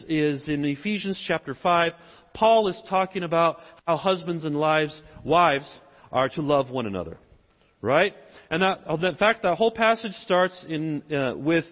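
A man's voice: a little high, animated, moderate pace. A middle-aged man with a Southern US accent preaching a conversational sermon and posing rhetorical questions. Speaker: pastor. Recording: echoey hall, dull sound.

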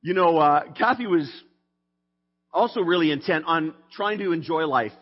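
A middle-aged man speaks with a fairly high voice, telling a personal faith story in an easy, conversational way full of fillers. He shifts between lively telling and quiet, subdued stretches. The sound is dull and lo-fi, with a long reverb from a big hall. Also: moderate pace. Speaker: speaker sharing a testimony.

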